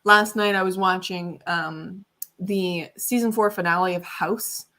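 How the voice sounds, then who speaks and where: A young woman hosting a casual livestream, talking in a loose, chatty way and giggling often. Her voice has a bright, forward edge. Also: fairly low pitch, steady tone, measured pace. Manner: chatty and giggly, lots of fillers. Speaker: livestream host and author. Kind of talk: casual chat on a writing livestream.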